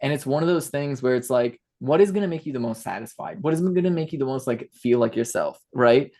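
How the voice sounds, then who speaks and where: A woman's voice: extremely low pitch, fairly quick, mellow. A woman guest on a podcast speaking earnestly and emphatically. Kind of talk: casual conversational chat.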